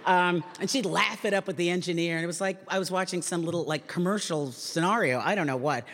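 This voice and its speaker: A woman comedian giving a talk, telling a wry, self-deprecating story to a live audience with lively jumps in pitch. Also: quick pace. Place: large public hall. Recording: long reverb in a large hall.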